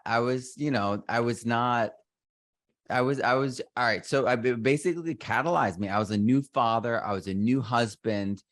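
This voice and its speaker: A man's voice: mid-range voice, normal speed, fairly bright tone, no echo. A middle-aged man talking as a podcast guest in a casual interview, rambling and often restarting his sentences. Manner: rambling, self-interrupting storyteller.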